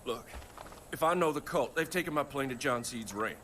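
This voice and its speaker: A man's voice: medium pitch, expressive, moderate pace, sharp tone, a little hiss or hum. A man voicing a desperate pilot and father-to-be, pleading and swearing in video game dialogue. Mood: subdued pleading.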